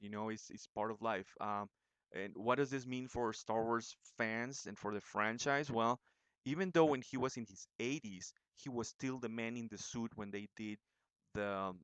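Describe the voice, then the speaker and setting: Excitable chatty man, smooth dry voice. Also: fairly low pitch, no room sound. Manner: excitable, chatty, with many fillers and restarts. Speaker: movie trailer reviewer. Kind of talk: casual vlog commentary.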